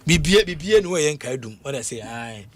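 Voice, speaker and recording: A man with a Ghanaian accent talking sports on the radio in a casual, animated way, laughing often and full of fillers and repeats. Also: fairly high pitch, normal speed. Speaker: radio sports show panelist. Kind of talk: casual radio sports talk mixing English and Twi.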